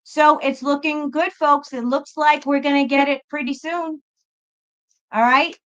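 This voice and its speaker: A woman talks casually to livestream viewers about her tarot readings, calling them folks and reassuring them. Her voice is high and bright. The lo-fi stream audio sounds a little dull. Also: steady tone, unhurried. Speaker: tarot reader and livestream host.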